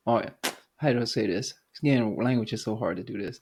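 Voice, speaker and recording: A man hosting a spiritual podcast, speaking slowly and thoughtfully and often stopping to find the right word. There is some gravel in his voice. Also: fairly low pitch, a little mellow. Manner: searching for words, halting, thoughtful. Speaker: podcast host. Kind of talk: casual conversation.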